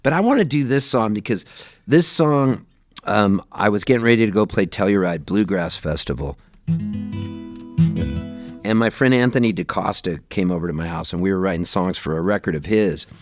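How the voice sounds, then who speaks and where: A man from Southern California, a touring musician, telling animated stories on a radio show and acting out his friends' voices. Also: lowish voice, normal speed, soft background music. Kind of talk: casual storytelling chat. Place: radio studio.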